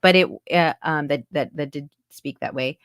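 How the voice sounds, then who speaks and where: Low, clear and resonant, her voice moves at a moderate pace as she talks as an interview guest in a casual video-call chat. She is an American woman in her forties from New York, an accent coach with faint Texas coloring, chatty, heavy on "like," and quick to drop into voices. Dry recording, clean studio sound.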